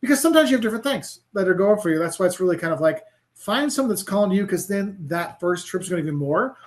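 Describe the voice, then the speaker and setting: A man's voice: sits high, fast. A middle-aged man, a travel creator, chatting casually in an interview, rambling with lots of "like" and restarts. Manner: rambling, animated, full of "like" and restarts. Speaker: travel creator and professor, guest.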